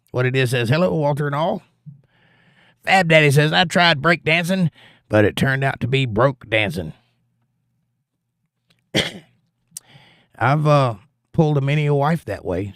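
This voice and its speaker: Reading his chat aloud on a livestream, a man from Georgia swaps jokey stories in a folksy, casual manner. He has a mid-range, fairly bright voice, recorded at studio quality without room sound.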